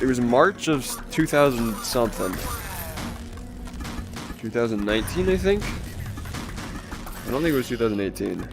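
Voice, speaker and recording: A young man chatting casually on a gaming livestream, his voice hoarse, strained and congested, rambling, chuckling often and talking to his chat. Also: on the high side. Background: game music underneath.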